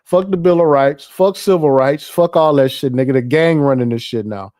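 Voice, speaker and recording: A man's voice: on the high side, moderate pace, dark tone. Profane laughing man riffing on politics. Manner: loose, profane, laughing, reacting to on-screen ads. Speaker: political commentary host. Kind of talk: casual profane political commentary.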